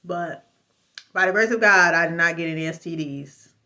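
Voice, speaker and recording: In a sharp-toned, lowish voice at a moderate pace, a woman vlogger tells her own story as a casual, emphatic testimony. Her telling is rambling and preachy, full of fillers, restarts and religious exclamations.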